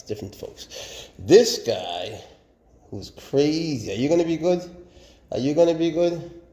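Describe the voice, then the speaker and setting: A man's voice: mid-range voice, warm tone, reverberant. A man keeping exotic animals who talks casually and affectionately, often cooing to them. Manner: chatty and affectionate, coos to his animals. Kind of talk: casual vlog talk.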